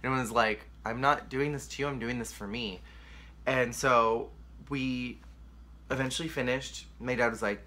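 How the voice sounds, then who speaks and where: A man's voice: mid-range voice, steady tone, normal speed, bright, forceful tone. A young man candidly telling a painful personal story to the camera, emotional and rambling, with lots of "like.". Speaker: vlogger.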